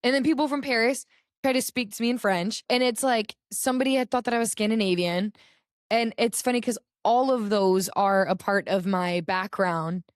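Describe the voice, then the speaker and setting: A woman's voice: on the high side, moderate pace, no echo, studio quality. A young American woman co-hosting a podcast, chatting casually with lots of filler words. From United States. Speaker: podcast co-host. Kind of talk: casual chat.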